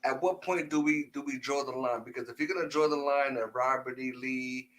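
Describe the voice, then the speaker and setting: A man co-hosting a podcast, asking calm, probing questions in a casual debate, often restarting his sentences. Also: mid-range voice, brisk, poor audio. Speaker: podcast co-host.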